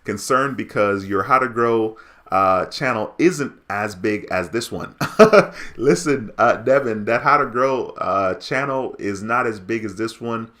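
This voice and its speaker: A man's voice: lowish voice, unhurried, sharp tone. A man hosting a casual livestream, reading viewer comments aloud in an upbeat way. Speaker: livestream host.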